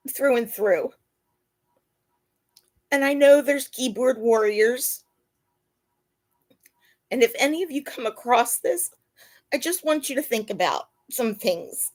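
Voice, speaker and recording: A woman hosting a casual live chat from her bed at home, emotional and close to tears. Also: high voice. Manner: talks to her pets mid-stream. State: dry mouth. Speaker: channel host.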